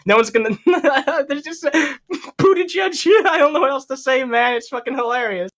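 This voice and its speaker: A man's voice: very high voice, brisk, bright, forceful tone. A man co-hosting a casual podcast, ranting heatedly with heavy swearing. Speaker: podcast co-host. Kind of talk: casual chat.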